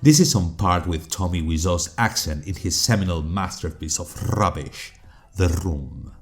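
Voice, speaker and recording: A man whose first language is Spanish, narrating a video essay with dry, critical, measured delivery. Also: sits low, expressive, faint music behind. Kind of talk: scripted narration.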